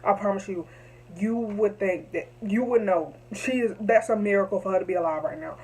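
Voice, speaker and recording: A woman's voice: mid-range voice, brisk, darkish tone, slight background noise, low-quality recording. A young woman telling a story to camera, emphatic and repetitive, heated at times. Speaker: vlogger.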